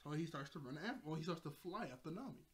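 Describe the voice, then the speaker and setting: A man's voice: a little high, lively intonation, racing. Rambling man recapping a cartoon. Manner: rambling, laughs often, corrects himself mid-sentence. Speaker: anime reviewer. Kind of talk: casual episode recap commentary.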